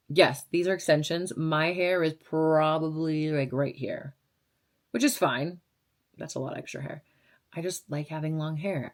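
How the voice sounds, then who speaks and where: A woman in her twenties from Las Vegas, a radio DJ chatting casually as she answers viewer questions, blunt and sarcastic with fillers and laughs. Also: deep voice. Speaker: radio DJ and vlogger.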